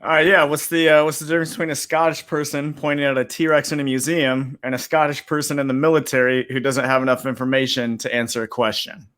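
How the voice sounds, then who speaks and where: Man, mid-pitched, rambling jokes, lots of "uh", video call. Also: flat delivery, quick pace, hardly any pauses, fairly bright tone. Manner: rambling setups with many fillers. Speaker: comedy guest. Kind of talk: casual pun telling.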